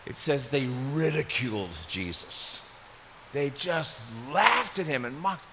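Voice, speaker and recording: A middle-aged man from Maryland preaching a sermon, an animated storyteller who tosses in joking asides. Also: on the high side, takes it slowly. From Maryland, USA. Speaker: pastor. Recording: reverberant hall, faint hiss.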